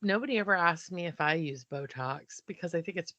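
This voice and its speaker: A woman co-hosting a podcast in casual chat, with dry, teasing humor and quick asides, bringing up listener letters. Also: on the low side, bright, forceful tone, no echo, muffled recording. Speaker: podcast co-host.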